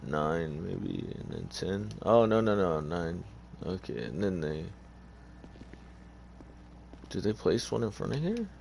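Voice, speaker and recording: A tired man talks through his game in a loose, rambling way, stopping often to hesitate. His voice sits very low and has a gravelly, fried edge. A faint background hum runs under his talk. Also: very animated, takes it slowly, long pauses, darkish tone. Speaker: gamer. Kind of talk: casual gameplay commentary.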